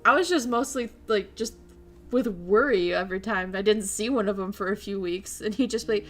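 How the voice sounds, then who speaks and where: A young woman streamer chatting casually with her viewers in an animated way and laughing often. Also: mid-range voice, fairly quick, soft background music. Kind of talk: casual chat while streaming.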